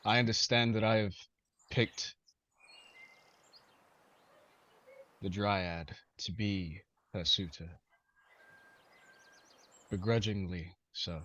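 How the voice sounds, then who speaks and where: Man doing a solemn wedding objector, slow halting speech, low voice, muffled lo-fi sound. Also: sharp tone. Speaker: player. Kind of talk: in-character speech at a tabletop game.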